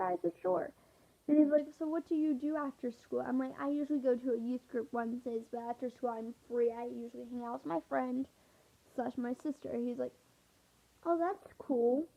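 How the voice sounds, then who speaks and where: High vocal-fry woman, tinny sound. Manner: rambling and swearing, full of "I'm like". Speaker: vlogger. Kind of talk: storytime chat.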